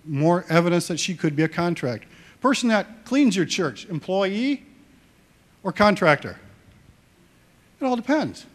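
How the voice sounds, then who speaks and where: A man with a fairly high voice leads a seminar in a loose, conversational way. He often backs up to restart a phrase and checks in with his listeners as he teaches. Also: sing-song, a little slow, pauses often. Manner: chatty, frequent restarts and check-ins with the audience. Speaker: seminar presenter on church finances.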